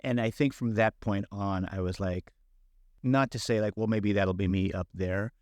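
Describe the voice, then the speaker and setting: A middle-aged man, a film director guest, telling stories in casual, animated talk full of fillers and quoted thoughts. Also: on the low side, normal speed, no room sound, clean studio sound. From San Francisco Bay Area. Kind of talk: casual conversational storytelling.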